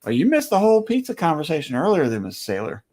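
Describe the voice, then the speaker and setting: A man co-hosting a casual ranch livestream, teasing, with quick questions and short replies. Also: a little high, huge pitch swings, a crowd in the background. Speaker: co-host. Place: ranch home.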